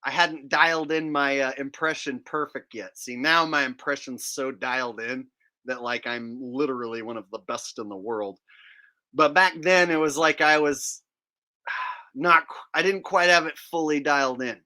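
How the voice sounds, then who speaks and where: Boastful male comedian, bright voice. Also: mid-range voice, moderate pace. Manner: boastful, laughing at own jokes. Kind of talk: casual comedic monologue.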